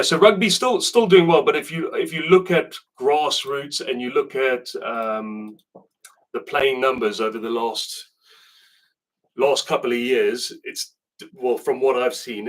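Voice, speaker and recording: A man from South Africa with a softened southern English accent, chatting casually to camera as a rugby host. He rambles and doubles back on himself, with a mid-range voice. The recording keeps him slightly distant from the mic. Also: medium pitch. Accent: British, southern English. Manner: chatty and rambling, with asides and restarts. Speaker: rugby video host answering viewer questions.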